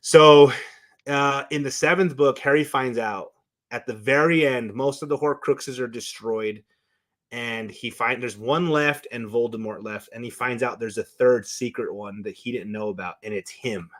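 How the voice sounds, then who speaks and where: A man on a talk show as a guest, telling stories with excitement and emotion, often restarting his sentences. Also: mid-range voice, normal speed. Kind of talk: casual chat.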